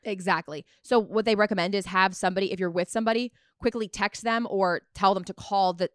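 A woman's voice: mid-range voice, fairly even intonation, fairly quick, dry recording, studio quality. A woman co-hosting a podcast, chatting casually, reacting and joking. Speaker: podcast co-host. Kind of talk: casual chat.

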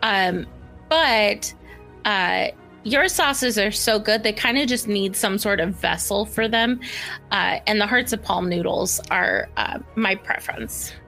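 A woman co-hosting a podcast in casual chat, soft-spoken and unhurried. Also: medium pitch, creaky, faint music behind. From small town. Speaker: podcast co-host.

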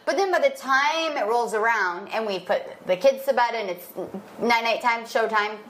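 A woman's voice: on the high side, normal speed, a bit bright, slight background noise, low-quality recording. A woman in her thirties co-hosting a podcast, talking candidly and a little sheepishly, with frequent giggles. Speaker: podcast co-host. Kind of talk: casual chat.

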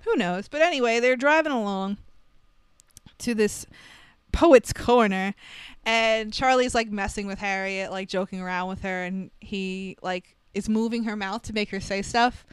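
A woman's voice: medium pitch, measured pace, clear, resonant tone, dry recording. A woman co-hosting a podcast, casually recapping a film with wry asides and frequent laughter. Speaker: podcast co-host.

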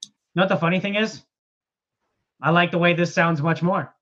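A man's voice: a little high, moderate pace, fairly bright tone, muffled recording. A man hosting a podcast, chatting casually and joking around, riffing on his guest's stories with lots of laughter. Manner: jokey, laughs a lot, riffs on the guest's stories. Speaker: podcast host. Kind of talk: casual chat.

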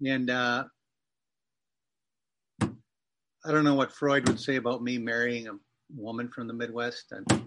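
A man's voice: medium pitch, little pitch movement, measured pace, long pauses, very noisy. A man in his fifties from Massachusetts, a writer telling a rambling, wry personal story as an interview guest. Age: 50s. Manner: wry, digressive, self-correcting storyteller.

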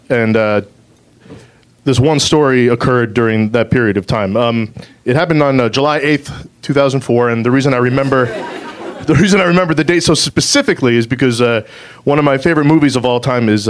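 A man tells a true personal story, hesitating often with ums and uhs. He sounds self-amused as he talks. His voice sits at a medium pitch. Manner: halting, filler-heavy, self-amused.

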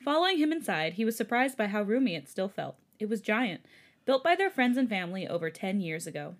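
Woman, podcast host, reading aloud, giggly asides, mid pitch. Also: big pitch swings, fairly quick. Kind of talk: reading aloud and casual chat.

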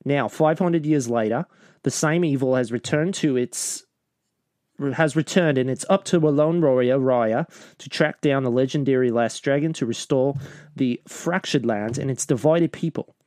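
A man's voice: medium pitch, moderate pace, a little mellow, no echo, close to an everyday voice. A playful mock-Australian narrator, as a man puts him on reads a fantasy film blurb in a jokey, amateur accent that trips over the names. The sound is dry and close, with no room around it. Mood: mock-grand.

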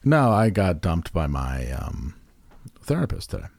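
Low-voiced rambling man in a dry room. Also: very animated, unhurried, creaky, darkish tone, no echo. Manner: rambling, self-deprecating, restarts often. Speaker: podcast co-host. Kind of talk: casual chat.

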